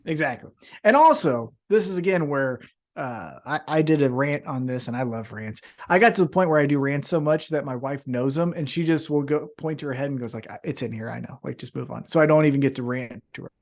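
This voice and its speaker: A man's voice: on the high side, brisk. A man co-hosting a wrestling podcast, ranting with heavy swearing and mocking put-on voices. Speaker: podcast co-host. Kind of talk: profane ranting wrestling chat.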